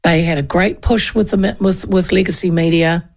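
A chatty New Zealand woman in her fifties hosts a talk radio show, her voice carrying a gravelly edge of fry. She rambles from point to point, telling stories with plenty of asides. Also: fairly low pitch, fairly even intonation, moderate pace. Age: 50s. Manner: chatty, digressive, acts out quoted talk.

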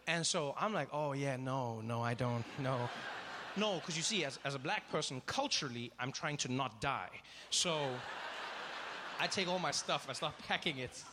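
A male stand-up comedian telling a story in an animated, self-mocking way. His voice sits high for a man. A noisy live recording hums under him. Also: moderate pace, in a large hall.

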